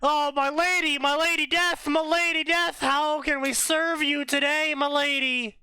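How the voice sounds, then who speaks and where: A man voicing an excitable goblin banker who gushes with over-eager servility. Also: very high voice, measured pace, voice pushed up, exaggerated voice. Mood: fawning.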